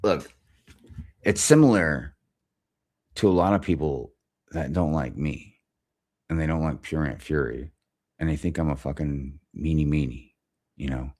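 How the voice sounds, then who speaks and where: A man's voice: rumbling low, a little slow, pauses often, a little mellow. A man hosting a livestream, ranting casually in a rambling way and swearing constantly. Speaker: livestream host. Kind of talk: profane casual rant.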